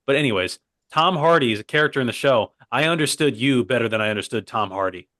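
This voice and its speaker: A man's voice: mid-range voice, animated, fast talker, fairly bright tone, no room sound, clean studio sound. Rambling young man on a podcast. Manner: rambling, digressive, keeps saying "by the way". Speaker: co-host. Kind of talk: casual comedy podcast chat.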